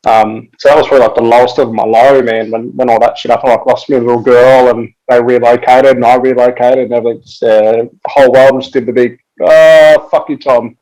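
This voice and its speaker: Laid-back swearing bloke. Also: male voice, medium pitch, little pitch movement, quick pace, few pauses, mellow, rough recording. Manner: laid-back, swears freely, says "man" and "like" a lot. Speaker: podcast guest. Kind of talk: casual chat.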